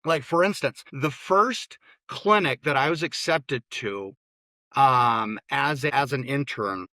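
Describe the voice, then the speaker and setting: A man's voice: mid-range voice, slow pace, pushed and bright, no echo. A man, a therapist and interview guest, talking bluntly and opinionatedly, often restarting his words. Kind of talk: casual interview talk.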